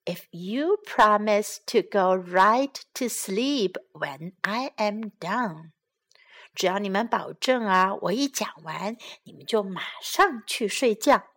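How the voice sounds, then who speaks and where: Woman reading as gentle papa mouse, bedtime storybook, soft lowered voice, slow. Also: animated, exaggerated voice. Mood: coaxing. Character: gentle father mouse telling bedtime stories.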